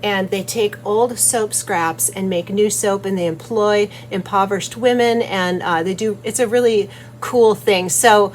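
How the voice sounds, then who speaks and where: A woman's voice: medium pitch, steady tone, measured pace, slight background noise, rough recording. A cheerful, giggly woman chatting casually as she makes soap in her studio and hosts her channel. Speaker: soap maker and channel host. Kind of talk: casual chat while making soap.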